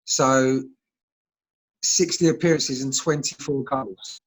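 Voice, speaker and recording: A man's voice: mid-range voice, fairly even intonation, takes it slowly, rough recording. A man, a former footballer telling stories in casual chat, laughing often, over a video call. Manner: chatty storyteller, laughs often.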